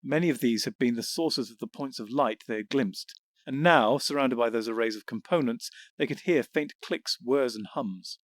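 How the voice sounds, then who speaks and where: A man reading audiobook narration in a measured, descriptive way. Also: medium pitch, no echo. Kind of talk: scripted narration.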